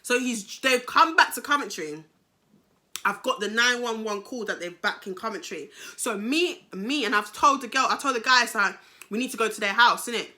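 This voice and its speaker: Bright-voiced young British woman telling a story. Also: fairly high pitch, moderate pace. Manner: animated, slangy, swearing. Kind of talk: casual storytime.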